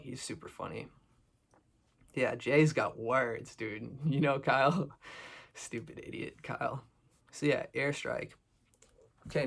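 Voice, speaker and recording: Gravelly-voiced man ranting a recap. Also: medium pitch. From Boston. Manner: rambling, profane, joking asides. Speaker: recap video host. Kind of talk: casual recap commentary.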